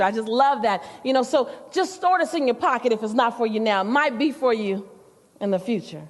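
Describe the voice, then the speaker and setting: A woman giving an animated, humorous motivational keynote and speaking straight to the audience in a large hall. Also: a little high, fairly quick. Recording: long reverb of a large hall.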